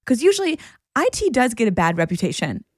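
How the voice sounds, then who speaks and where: A woman co-hosting a podcast, telling stories in a relaxed, reflective casual chat. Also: fairly high pitch, quick pace, no room sound, studio quality. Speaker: podcast co-host.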